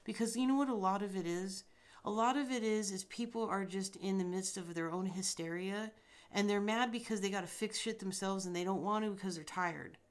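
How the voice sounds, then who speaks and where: A woman's voice: mid-range voice, fairly quick. A woman hosting a podcast, talking bluntly and emphatically in a casual spiritual monologue, with frequent swearing. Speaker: podcast host.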